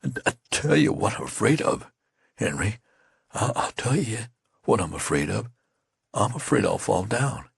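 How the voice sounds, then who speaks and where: A tall wounded male soldier from a storybook reading, halting and bewildered, speaking in a flat, dazed way as a man acts him out. His voice is husky, and the recording sounds dry and close. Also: sits low, no echo. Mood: frightened.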